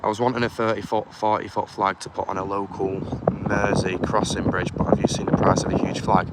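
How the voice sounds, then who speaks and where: A man with a fairly low voice streams live from an outdoor car park, holding his phone. He chats in a hushed, conspiratorial way and reads viewers' comments aloud. Urban noise and passing vehicles sit clearly behind him. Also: little pitch movement, a little fast. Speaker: livestreamer.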